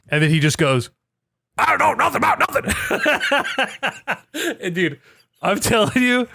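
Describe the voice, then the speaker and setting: A man with a slightly high voice co-hosts a casual gaming podcast, recorded in clean studio sound with no room echo. He's an animated storyteller, full of energy and swearing freely.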